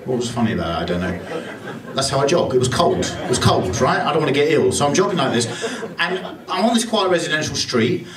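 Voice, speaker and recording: A man's voice: fairly high pitch, big pitch swings, fairly quick. A man performing a stand-up comedy set in a club, telling rambling self-deprecating stories. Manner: rambling anecdotal delivery with self-deprecating asides. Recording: echoey club from far off with loud crowd. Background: audience laughter.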